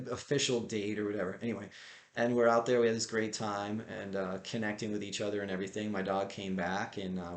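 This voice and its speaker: Man, middle-aged, deep voice, roomy echo, casual storytelling, rambling. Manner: rambling, many fillers and restarts. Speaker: qigong teacher and vlogger.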